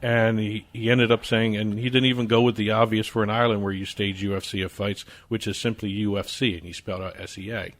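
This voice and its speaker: A man's voice: fairly low pitch, flat delivery, brisk, hardly any pauses. A man with a New Jersey accent, co-hosting a sports podcast and walking through the news stories in casual chat. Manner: explains news stories at length, some restarts. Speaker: podcast co-host.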